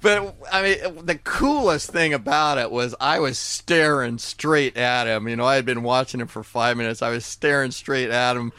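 A man in his sixties telling a story in a casual, rambling way, halting often and restarting his sentences. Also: mid-range voice, pushed and bright, smooth. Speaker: guest.

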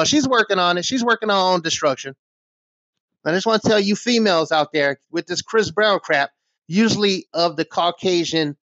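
A man's voice: high voice, fairly bright tone, no echo. A middle-aged man ranting on his small commentary channel, heated, scornful and full of swearing. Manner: heated, profane, scornful rant. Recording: dull, dry lo-fi recording.

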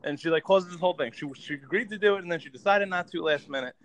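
A man's voice: high-pitched, quick pace, slight background noise, poor audio. A man casually retelling a movie plot to friends, rambling and swearing freely. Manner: profane, rambling storytelling. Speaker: podcast co-host.

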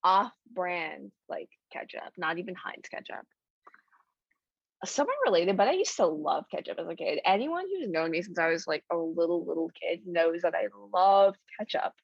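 A woman's voice: on the low side, animated, normal speed, creaky, slightly rough, no room sound. Rambling woman podcaster, muffled and dry. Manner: rambling, lots of "like" and restarts. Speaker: podcast co-host. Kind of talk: casual podcast chat. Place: home. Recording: dry, slightly muffled lo-fi recording.

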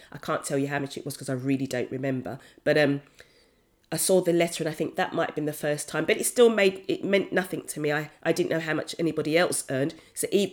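Woman in her 50s, low voice, chatty and candid, keeps correcting herself. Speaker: accountant and podcast host. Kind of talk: personal storytelling monologue.

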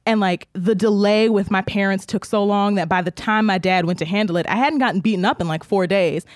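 A lively woman co-hosting a podcast tells stories in a casual chat, laughing often and acting out the voices she quotes. Her voice is mid-range and brisk, and the studio-quality recording has no room sound.

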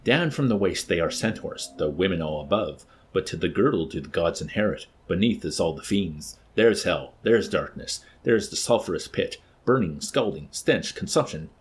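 Guy reading an angry unhinged young man, shouting and ranting, low husky voice. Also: animated, moderate pace, few pauses, exaggerated voice. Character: enraged, unstable young man.

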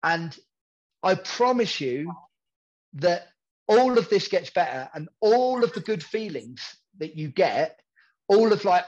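A man's voice: sits high, expressive, a little slow, a little mellow, highs cut off. A man talking candidly as a podcast guest, rambling and repeating himself as he acts out what people say. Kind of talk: candid conversational storytelling.

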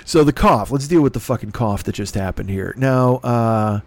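Middle-aged male podcast host, hoarse and congested, profane self-deprecating rambler, dry close-miked sound. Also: mid-range voice, normal speed, a little mellow, dry recording. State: rough throat, stuffy nose. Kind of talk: rambling comedic monologue.

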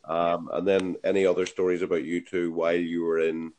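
A man's voice: low voice, little pitch movement, fairly quick, a little mellow, slight background noise. An Irish man hosting a podcast, asking friendly, encouraging questions. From Ireland. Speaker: podcast host. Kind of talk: casual interview.

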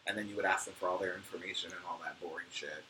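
A New York man with a soft, sweet and very bright voice chats on a podcast. He is expressive and swears freely. There is a faint hiss of noise behind him. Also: very fast, low-quality recording. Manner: expressive, swears freely, laughs and slides into high playful voices. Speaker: podcast co-host. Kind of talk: casual chat.

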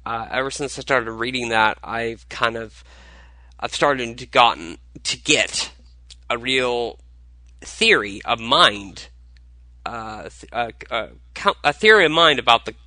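A tired man hosting a casual solo podcast, talking in a halting way with many fillers and restarts. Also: mid-range voice, animated, pushed and bright, no room sound, rough recording. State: tired, low on energy. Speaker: podcast host.

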